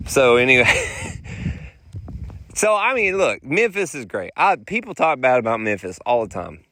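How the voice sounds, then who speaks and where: A man, hosting a podcast and telling casual, slangy stories, animated and often mimicking the people he quotes. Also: mid-range voice, unhurried, no room sound. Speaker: podcast host. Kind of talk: casual storytelling monologue.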